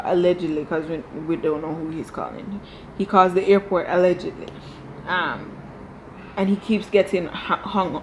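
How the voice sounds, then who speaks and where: A woman's voice: fairly low pitch, slight background noise, rough recording. A woman reviewing a reality show from home, talking casually and firing off exasperated rhetorical questions. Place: home room.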